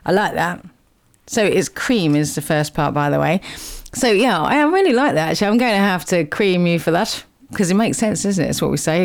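A young woman hosting a local radio show, chatting casually and upbeat between songs with a self-mocking humor. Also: mid-range voice. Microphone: studio microphone.

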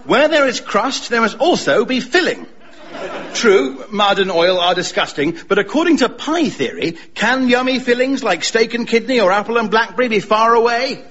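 A giddy dim gentleman. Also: very high-pitched, animated, moderate pace. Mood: earnest. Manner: giddy, silly, laughing at himself. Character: dim, cheerful Victorian gentleman friend. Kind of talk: comic radio play acting. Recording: dull lo-fi recording with clicks.

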